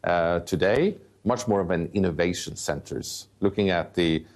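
Deep-voiced guy exec answering interview questions, hesitant, lots of uhs. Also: moderate pace, darkish tone. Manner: hesitant, with fillers and restarts. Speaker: company executive interviewed.

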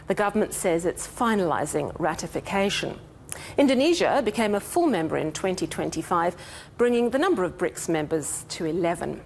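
A woman anchor reading scripted news in a measured, steady way. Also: fairly low pitch, slight background noise.

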